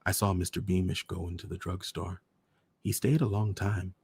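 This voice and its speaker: A man hosting a storytime show, reading a short story aloud in a measured, deliberate way. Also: sits low, little pitch movement, creaky, a little mellow, husky, no room sound. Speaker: storyteller host.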